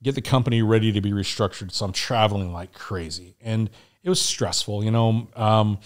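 Middle-aged male guest, slightly low pitch, candid and salty storyteller. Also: brisk. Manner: candid, profane, animated retelling. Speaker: podcast guest. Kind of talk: casual storytelling.

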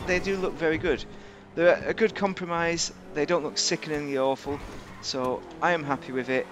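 A man's voice: a little high, noisy background. A man giving rambling, joking commentary while reviewing a video game. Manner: rambling, chatty, jokey asides. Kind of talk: casual gameplay commentary.

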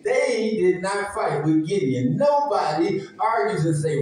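A man's voice: high-pitched, big pitch swings, measured pace, a little mellow, very echoey, far from the mic, poor audio. A man preaching a sermon as pastor, emphatic and folksy, calling out to his congregation. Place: church sanctuary.

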